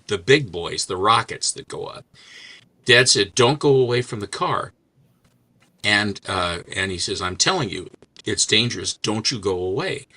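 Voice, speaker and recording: A man's voice: lowish voice, pushed and bright. An older man hosting a casual chat, rambling through stories and jokes as he shows comics. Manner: rambling storyteller, chatty and joking. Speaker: host.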